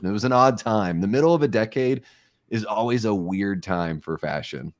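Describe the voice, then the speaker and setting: A man in his forties talks through a horror film in an easy, rambling way. His low voice carries dry, wry asides and firm opinions. The sound is close and dry, with no room in it. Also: normal speed, no room sound. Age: 40s. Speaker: co-host of a movie commentary. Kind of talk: casual movie commentary chat.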